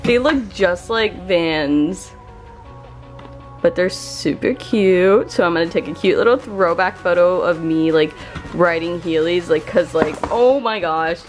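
A woman's voice: fairly low pitch, unhurried, faint music behind. A young woman vlogging casually, bubbly and chatty, filling her talk with "like" and "oh my gosh," recorded on a handheld camera. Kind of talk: casual vlog chat.

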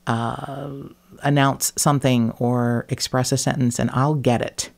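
Female podcast host, gravelly, chatty and self-deprecating. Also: a bass voice, darkish tone. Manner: chatty, self-mocking, swearing. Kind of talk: casual chat.

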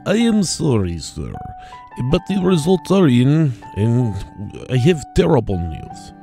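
A man playing a pompous doctor in a comedy sketch, speaking gravely with hesitant pauses. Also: mid-range voice, very animated, warm tone, faint music behind. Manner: grave, drawn-out delivery with hesitant uhs. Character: pompous male doctor delivering grim news.

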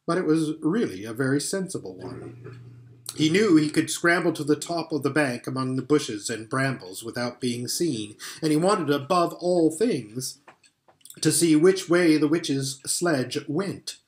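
Lively man reading a storybook aloud. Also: on the high side, measured pace. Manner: expressive, occasional stumbles and restarts. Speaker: audiobook reader.

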